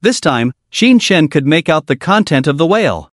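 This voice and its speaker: A man's voice: fairly high pitch, sing-song, normal speed, no echo, studio quality. A man narrating a comic story recap in scripted storytelling style.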